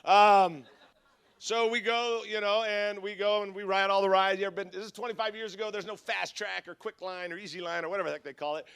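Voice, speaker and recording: A man's voice: high-pitched, fairly bright tone, smooth. A middle-aged man from Southern California, a guest pastor preaching at a conference, telling funny stories with lots of restarts and asides. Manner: humorous, self-deprecating storyteller with frequent restarts. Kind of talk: conference sermon with storytelling.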